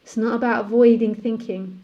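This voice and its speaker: A woman, a spiritual teacher, speaking calmly and repetitively in a live-streamed session and laughing easily. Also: fairly high pitch, fairly quick, highs cut off.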